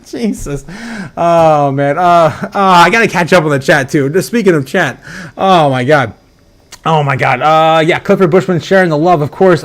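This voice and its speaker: A man hosting a casual livestream, reading out chat donations, laughing often and rambling with lots of fillers. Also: on the high side. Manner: giggly and excitable, laughing often between lines; rambling with frequent fillers and repeats. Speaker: livestream host.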